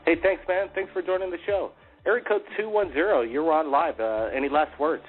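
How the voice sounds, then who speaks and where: A man's voice: on the high side, fairly quick, phone-quality sound, faint music behind. Chatty male radio host on phone audio. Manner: upbeat, chatty, many fillers. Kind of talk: call-in radio talk.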